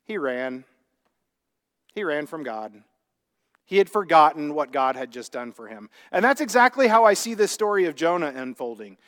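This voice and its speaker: Male pastor, high voice, chatty preaching style full of rhetorical questions, long church-hall reverb. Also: big pitch swings, normal speed, fairly bright tone. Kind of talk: sermon. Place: church sanctuary.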